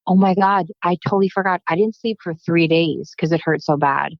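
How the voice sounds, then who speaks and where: A deep-voiced woman chats on a podcast and tells animated stories, acting out the other people in them. The recording is dry and a little dull. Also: brisk, no room sound. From United States. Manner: animated storytelling, acts out quotes. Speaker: guest, plastic surgeon. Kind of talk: casual podcast chat.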